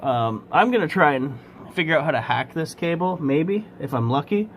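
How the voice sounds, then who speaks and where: A man's voice: fairly high pitch, expressive, moderate pace, background noise. A man doing a casual how-to while working on a car in a workshop, rambling and correcting himself, breathing heavily from the work, recorded alone on a set-up camera. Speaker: home mechanic demonstrating a repair. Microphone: camera set up alone with no operator.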